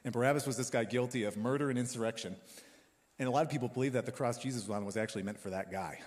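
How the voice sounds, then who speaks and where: Casual joking preacher in a reverberant hall. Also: male voice, mid-range voice, rapid-fire, darkish tone. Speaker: pastor. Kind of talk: sermon.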